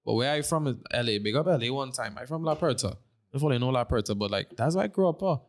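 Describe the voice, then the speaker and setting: Young Trinidadian guy, brash and slangy, mid-pitched casual podcast guest. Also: expressive, fast talker. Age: 20s. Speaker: guest streamer.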